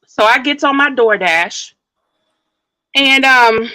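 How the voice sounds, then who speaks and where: A woman's voice: a little high, animated, takes it slowly, bright, forceful tone, low-quality recording. A woman telling a story on a casual live stream. She sounds out of breath and talks in a chatty, colloquial way to her viewers.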